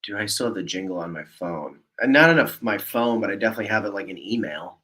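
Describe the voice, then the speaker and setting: A man's voice: fairly low pitch, lively intonation, fast, sharp tone. A man co-hosting a casual livestream, rambling and chatting easily from an indoor apartment. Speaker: livestream co-host.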